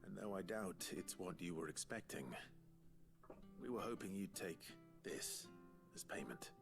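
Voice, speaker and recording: An actor voicing an earnest young lord who speaks in a measured, sincere way in a video game. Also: male voice, sits low, vocal fry, music in the background. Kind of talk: game voice acting.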